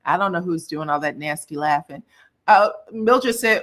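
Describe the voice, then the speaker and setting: A woman's voice: on the low side, lively intonation, normal speed, a bit bright. A woman hosting casual pop culture commentary, sassy and blunt, cussing freely as she reacts.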